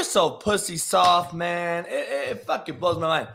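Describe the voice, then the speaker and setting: A man hosting a sports talk show, ranting in a heated, profane way that swings from muttering to shouting. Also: high voice, lively intonation, moderate pace, gravelly, few pauses.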